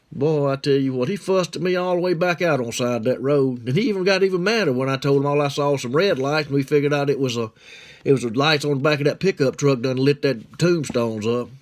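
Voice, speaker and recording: A man's voice: medium pitch, a little fast. Folksy Southern man telling a tale. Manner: drawling, rambling, colloquial. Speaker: storyteller. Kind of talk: folksy storytelling.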